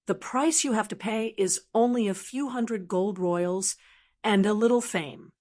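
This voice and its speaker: A woman's voice: medium pitch, a little slow, a little mellow, natural voice. A woman voicing a shrewd, confident young heiress of a sea lord in an audiobook, talking persuasively. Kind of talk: audiobook narration.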